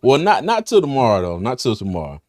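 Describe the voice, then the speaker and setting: A man's voice: mid-range voice, wildly swooping pitch, quick pace, darkish tone. Laughing man hosting a livestream. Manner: loose, laughs often, restarts and trails off. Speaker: host of a live draft-night stream. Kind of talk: casual livestream chat.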